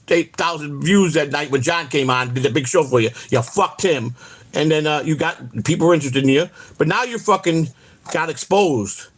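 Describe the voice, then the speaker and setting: Husky profane man ranting heatedly. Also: a little high. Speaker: host. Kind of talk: casual ranting chat.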